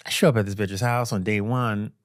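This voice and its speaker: A man's voice: on the low side, a little fast, no room sound, clean studio sound. A man telling a story as a guest on a casual chat show, swearing freely and acting out every beat. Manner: profane, animated storyteller.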